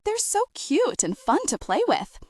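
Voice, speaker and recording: A doting old grandmother wren, put on by a woman narrator, talking sweetly. Her voice lilts up and down lively, recorded close and dry for a storybook. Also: sits high, measured pace, no room sound, pitched above the performer's own voice, heavily acted.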